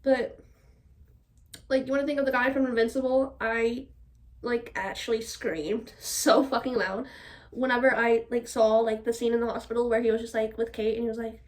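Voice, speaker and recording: Animated, high-voiced young woman ranting. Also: normal speed, distant mic. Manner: animated, swearing, laughing, with exasperated outbursts. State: still a bit sick. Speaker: vlogger. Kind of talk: casual rant while doing her hair.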